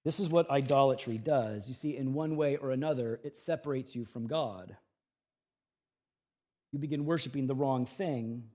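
A pastor delivers an expository sermon at a moderate pace, shifting from quiet, low reflection to raised, urgent emphasis. He paraphrases scripture in a conversational manner.

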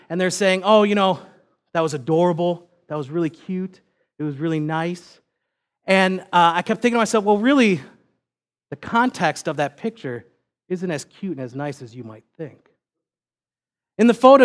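A young man preaching a sermon, telling a personal family story in a relaxed, self-deprecating way. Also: sits high. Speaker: pastor.

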